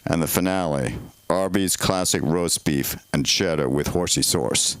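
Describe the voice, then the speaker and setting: A man putting on a deep, gruff American voice, barking fast-food orders like a counter worker. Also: wildly swooping pitch, noisy background, full character voice. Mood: brusque.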